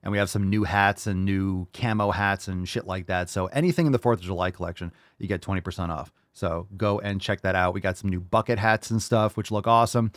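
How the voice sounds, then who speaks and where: A man hosting a live-streamed podcast, loud, profane and hyped, rallying his audience and plugging merch. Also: deep voice, steady tone, a little fast, few pauses, no echo. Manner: loud, hyped and profane, with mock shouts and crowd-hyping calls. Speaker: podcast host. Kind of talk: casual live-stream show intro.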